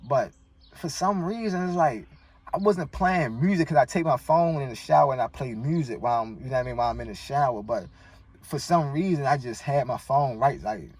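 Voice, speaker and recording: A man's voice: medium pitch, lively intonation, fairly quick, darkish tone, husky. A man from Baltimore with a Baltimore accent, a guest telling a personal story in a slangy, emotional, rambling way. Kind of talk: personal storytelling in casual chat. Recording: distant mic with faint noise.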